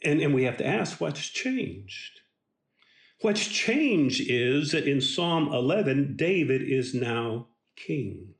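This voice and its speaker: A man giving a devotional Bible teaching in a slow, emphatic and earnest way. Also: mid-range voice, very animated, echoey room.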